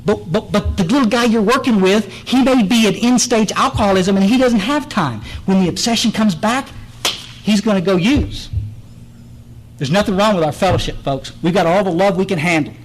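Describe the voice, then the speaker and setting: A man's voice: high voice, normal speed, poor audio. A man, giving a blunt, direct recovery meeting talk full of stories and restarts, speaking in a meeting room.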